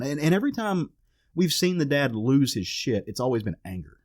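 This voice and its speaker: A man's voice: mid-range voice, sing-song, normal speed, darkish tone, breathy edge, no room sound, clean studio sound. A man co-hosting a podcast, casually and animatedly retelling a comic issue and acting out its characters' lines. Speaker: podcast co-host. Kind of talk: casual chat recapping a comic.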